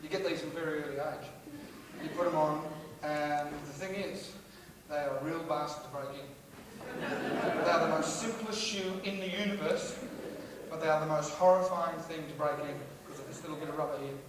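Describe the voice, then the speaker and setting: A man's voice: a little high, brisk, very echoey, big-room sound. Australian man, stand-up comedian, profane, rambling, sudden bellowing, distant theatre recording, audience noise. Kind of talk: stand-up routine. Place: large theatre hall with a live audience.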